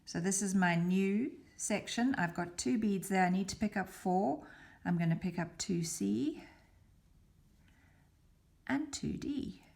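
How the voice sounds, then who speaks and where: A woman's voice: medium pitch, lively intonation, takes it slowly, creaky, pauses often, darkish tone. A woman giving a patient, methodical beading demonstration, dropping to a whisper now and then as she works. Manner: patient, methodical, slipping into a whisper while concentrating. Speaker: beading tutor. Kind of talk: step-by-step craft demonstration.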